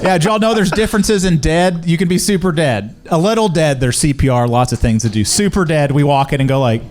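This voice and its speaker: A male comedian telling first-responder stories in a stand-up routine, dry and deadpan, slipping into quick voices. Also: fairly high pitch.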